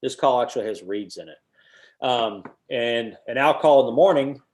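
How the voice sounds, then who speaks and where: A man, teaching a webinar and telling hunting stories, now and then hooting owl calls out loud. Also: mid-range voice, normal speed. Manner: animated storyteller, hoots owl calls with his voice. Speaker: guest instructor, call maker.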